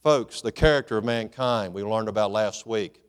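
A man's voice: on the low side, normal speed, smooth. Folksy preacher man. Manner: folksy, joking, calls for amens. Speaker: pastor. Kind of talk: sermon.

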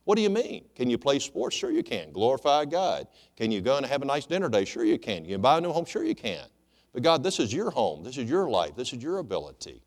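A male pastor preaching a sermon in an animated way, swinging between loud exclamations and hushed asides. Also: mid-range voice, fairly quick. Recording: long hall reverb.

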